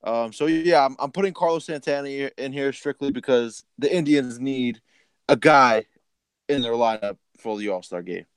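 A man's voice: mid-range voice, normal speed, smooth, no echo. A man co-hosting a casual sports chat, laid back and teasing, rattling off stats. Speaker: podcast co-host.

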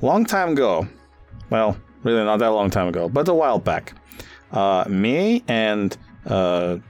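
A man's voice: on the low side, sing-song, soft background music. A man doing a shifty space gun dealer. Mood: grave. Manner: broken English, halting, secretive. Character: shifty male space arms dealer, wary.

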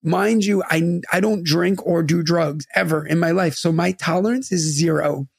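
A young man chats into a close studio mic, his voice high and rough with a gravelly edge. He tells stories in an animated way, swears freely and acts out the people in them. The sound is dry, with no room around it. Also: moderate pace, dry recording. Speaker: podcast co-host. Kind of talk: casual storytelling chat.

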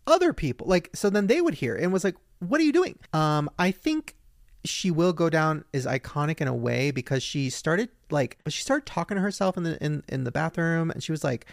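A man's voice: a little high, normal speed, vocal fry, no echo, clean studio sound. A man co-hosting a podcast in casual, gossipy chat, often mimicking people as he tells stories. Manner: gossipy, animated, mimics people mid-story. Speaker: podcast co-host.

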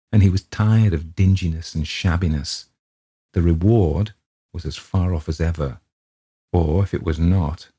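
A man narrating a classic ghost story in a measured, steady reading. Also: deep voice, husky.

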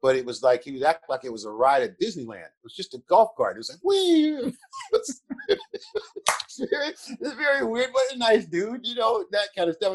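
An older man, a guest in an interview, telling animated anecdotes with chuckles and repeated words. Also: sits high. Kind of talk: animated storytelling.

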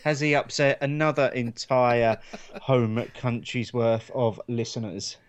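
Relaxed rambling man, podcast co-host. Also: mid-range voice, a little slow. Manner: relaxed, rambling with many ums. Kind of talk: casual chat.

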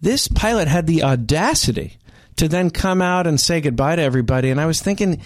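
Middle-aged guy rambling thru a story on a podcast, sarcastic, kinda high voice. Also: animated, a little fast. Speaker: podcast co-host. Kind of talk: casual comedic chat.

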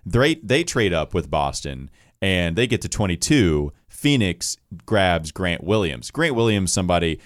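A man's voice: sits low, sing-song, measured pace, dry recording, studio quality. A man hosting a casual sports podcast, laughing easily as he runs through stats and draft picks. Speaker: podcast host.

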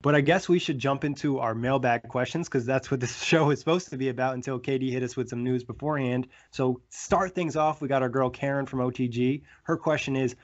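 A man's voice: mid-range voice, a little fast, hardly any pauses, muffled recording. Laid-back male sports podcast host. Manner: relaxed, many fillers like "like". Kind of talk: casual sports podcast chat and read ads.

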